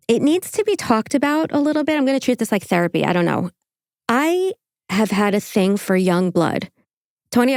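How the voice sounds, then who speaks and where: A woman hosts her podcast in loose, casual chat, giggling often and swearing freely. Her pitch sits mid-range for a woman. The recording is dry and close, with no room sound. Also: a little mellow, dry recording. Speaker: podcast host.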